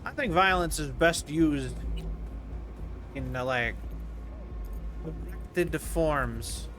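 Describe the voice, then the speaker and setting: A man's voice: fairly high pitch, very slow, fairly bright tone, faint music behind. Rambling, chatty young male streamer. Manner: rambling, chatty, many fillers and restarts. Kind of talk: casual gameplay commentary.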